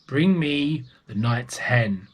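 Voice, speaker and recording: A man voicing a greedy, booming male giant in a children's storybook reading, chanting slowly and menacingly. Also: animated, breathy edge.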